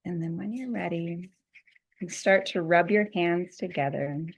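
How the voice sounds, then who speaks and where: A woman leading a guided breathing and self-massage meditation as the teacher, speaking softly and gently, and laughing easily at her own slips. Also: fairly low pitch, a little slow. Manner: soft, gently guiding, laughs at herself.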